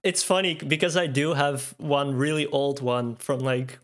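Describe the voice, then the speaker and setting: A man in casual chat about a video game, telling his side in a relaxed, plain way with fillers. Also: fairly high pitch, measured pace.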